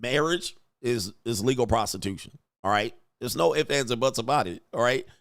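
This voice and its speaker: A man's voice: mid-range voice, brisk, fairly bright tone, no echo. A man hosting a reaction commentary show, talking in a blunt, crude and mocking way with lots of slang. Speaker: commentary host.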